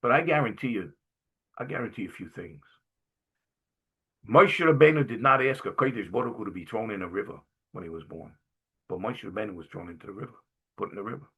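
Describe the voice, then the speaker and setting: Jovial husky-voiced Brooklyn man telling stories. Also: mid-range voice. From Brooklyn, New York. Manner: jovial, animated storyteller; frequent throat clearing. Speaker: guest speaker. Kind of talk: storytelling talk to a class.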